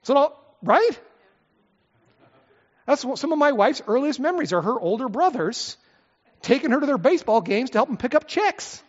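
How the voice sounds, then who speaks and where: A middle-aged man preaches in a chatty, expressive way, tossing out rhetorical questions and side remarks. His pitch rises and falls freely. The sound carries a long church-hall echo and is a little dull. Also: moderate pace, long pauses. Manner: lively, conversational preaching with asides and rhetorical questions. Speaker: pastor. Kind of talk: expository sermon.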